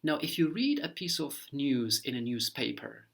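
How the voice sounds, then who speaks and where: A man lectures in a measured way, working through each idea with everyday examples. His voice carries a gravelly fry and a slightly husky edge. He sometimes trips over repeated words while thinking aloud. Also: mid-range voice, very animated. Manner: measured, explaining step by step with examples; occasional stumbling repeats and fillers. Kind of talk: explanatory online lecture.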